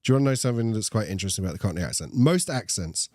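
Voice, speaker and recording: A man's voice: on the low side, expressive, very fast, few pauses, a little mellow, no room sound, studio quality. A young man with a posh British accent co-hosting a casual esports chat, joking and wandering off on tangents. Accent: posh British English. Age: young adult. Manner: joking, rambling, prone to tangents. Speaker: co-host.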